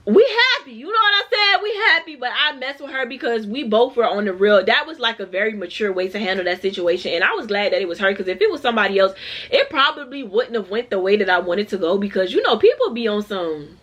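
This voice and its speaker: Fast-talking young woman telling a story. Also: mid-range voice, dull audio. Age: 20s. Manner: animated, acts out the other people in her story. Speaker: vlogger. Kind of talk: casual storytime.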